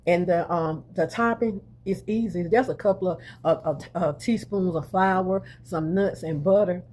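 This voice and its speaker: A woman's voice: lowish voice, normal speed, darkish tone, slight background noise. A middle-aged woman, hosting a casual home cooking video and chatting straight to her viewers in a homey way. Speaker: cooking channel host. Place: home kitchen.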